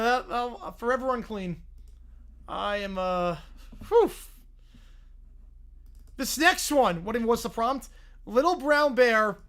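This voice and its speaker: A man's voice: sits high, a bit bright. Laid-back male streamer chatting. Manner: laid-back, laughing, mumbled asides. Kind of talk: casual live-stream reaction chat.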